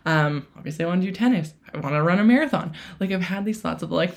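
A woman's voice: on the low side, expressive, fast talker, vocal fry. A woman in her thirties hosting a podcast, talking in a casual solo monologue, chatty with lots of fillers and acted-out self-quotes. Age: 30s. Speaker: podcast host.

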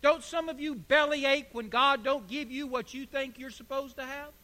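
A man's voice: very high-pitched, moderate pace, pushed and bright. A man preaching a sermon as pastor, building to emphatic bursts. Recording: echoey hall.

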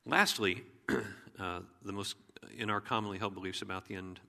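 A man preaching a sermon as pastor in an earnest, measured way, often clearing his throat. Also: lowish voice, sharp tone. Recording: long hall reverb.

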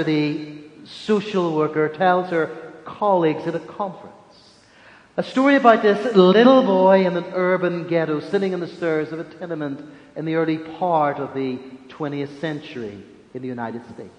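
A man with a high voice preaches a sermon in a big echoey hall, the reverb trailing after each phrase. He talks in a measured way and slows down to press his points home. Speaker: religious leader.

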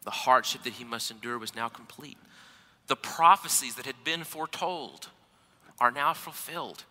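Male preacher, earnest and measured, very bright tone, reverberant hall. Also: medium pitch. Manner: earnest, with slow weighty pauses. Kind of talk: scripture reading and sermon.

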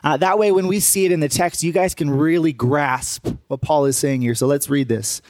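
A man's voice: fairly high pitch, normal speed, few pauses, darkish tone, no room sound. A young man, a pastor, giving a casual sermon that talks to the congregation and jokes with it. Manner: casual, joking, speaks to the congregation.

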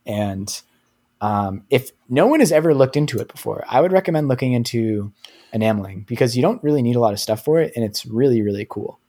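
A man's voice: mid-range voice, expressive, fairly quick, mellow. A man from New Hampshire co-hosting a podcast, chatting casually and laughing easily. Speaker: podcast co-host. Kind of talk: casual chat.

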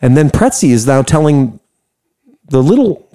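An American man casually telling a story, animated and profane, laughing often. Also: medium pitch, moderate pace. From United States.

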